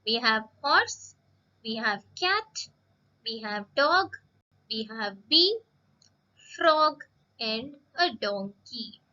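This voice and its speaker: A woman teacher giving a slow lesson to young children, drawing out words and asking them questions. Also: a little high, lively intonation, sharp tone, muffled recording. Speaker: primary school English teacher.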